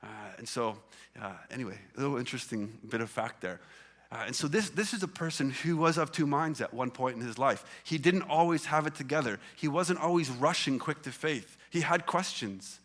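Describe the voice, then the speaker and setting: Guy pastor giving a chatty sermon, lots of uh and um, average pitch. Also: expressive, brisk, a bit bright. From Canada. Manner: conversational, many fillers and restarts. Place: church hall with congregation.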